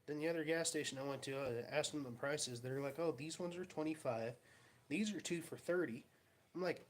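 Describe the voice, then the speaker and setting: A man's voice: a little high, brisk. Laid-back man telling rambling stories. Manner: rambling, laughing storyteller who acts out quotes. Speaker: vlogger. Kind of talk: casual storytelling. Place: home garage.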